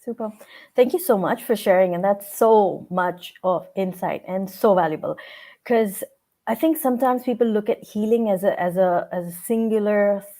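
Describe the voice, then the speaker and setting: A woman hosting a casual interview, attentive and quick with soft agreement. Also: mid-range voice. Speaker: host.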